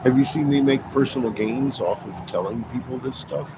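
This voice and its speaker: A man's voice: mid-range voice, normal speed, noisy background. A man livestreaming a rambling, profane rant, swearing constantly, repeating himself and laughing between points.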